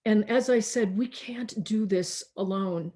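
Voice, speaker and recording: A woman's voice: medium pitch, warm tone. Reflective woman minister preaching over video call. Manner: slow, reflective, with many restarts and pauses. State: tired.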